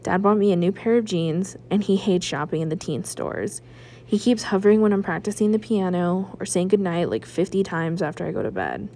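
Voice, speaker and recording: A woman librarian reading a children's novel aloud, with expressive first-person narration. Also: fairly low pitch, a little fast, a little hiss or hum. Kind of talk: children's book read-aloud.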